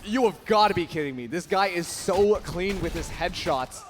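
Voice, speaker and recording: A man casting a live esports match with energetic play-by-play that rises to shouts on big plays. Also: sits high, normal speed, a little hiss or hum. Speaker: esports caster.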